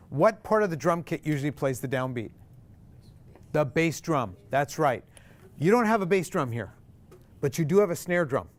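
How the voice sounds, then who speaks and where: A man teaching a group ukulele class, counting beats aloud, calling chords and quizzing the students. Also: on the high side. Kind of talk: group music lesson. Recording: loud ukulele strumming behind.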